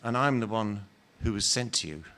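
A man reading aloud and voicing a patient, humble male spirit who talks softly and earnestly. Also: on the low side, normal speed, slight background noise, pitched below the performer's own voice. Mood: gentle. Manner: calm, soft, earnest and patient. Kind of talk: dramatic reading of a novel.

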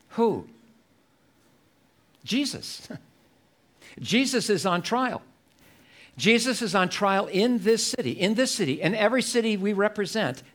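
A man preaching a sermon at a church service, slow and emphatic, repeating key phrases for effect. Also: sits high, fairly bright tone.

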